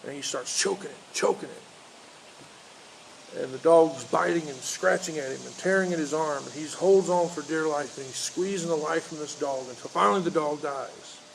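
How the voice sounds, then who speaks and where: Male pastor, gravelly voice, halting unscripted sermon with lots of fillers, faint outdoor noise behind. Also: on the high side, poor audio. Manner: halting, many fillers and restarts. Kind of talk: informal outdoor sermon with storytelling. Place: outdoors in a park.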